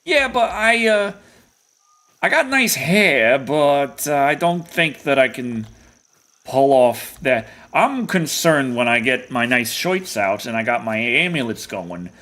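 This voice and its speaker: A man's voice: medium pitch, sing-song, slow pace, sharp tone. A young adult man streaming a hunting game, rambling and jokey in casual commentary.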